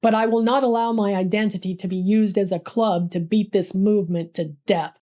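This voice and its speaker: A woman playing a proud male civil rights organizer in a history storytelling piece, lowering her pitch a little. He speaks with a mid-Atlantic accent, each word measured and cutting. His dignity carries a bitter edge. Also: fairly even intonation, dark tone, lightly acted. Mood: defiant.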